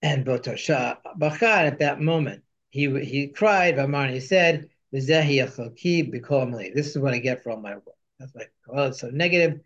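A man's voice: mid-range voice, lively intonation, moderate pace, few pauses, a bit bright. Male teacher, reads passages in the original and translates line by line; slightly muffled recording. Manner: reads Hebrew and Aramaic quotes, translating each line. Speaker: Torah teacher. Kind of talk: text study lesson.

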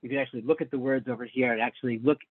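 A man's voice: mid-range voice, steady tone, racing, slightly rough, no echo. Man teaching over a tinny phone-like line. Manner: patient explaining, many restarts, addresses students by name. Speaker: class teacher. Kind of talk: online study class, explaining Hebrew texts. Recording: narrow phone-like sound, dry.

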